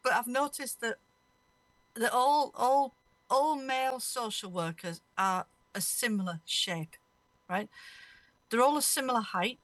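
A woman's voice: on the high side, a little slow, a bit bright, no room sound. Rambling, anecdotal woman host. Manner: rambling, anecdotal, laughs through her stories. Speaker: radio show host. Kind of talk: casual chat.

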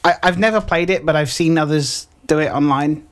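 A man's voice: fairly high pitch, brisk. A young man hosting an internet radio show, chatting casually, greeting listeners and often restarting his sentences. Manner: chatty, hesitant, with restarts and shout-outs to listeners. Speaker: radio host.

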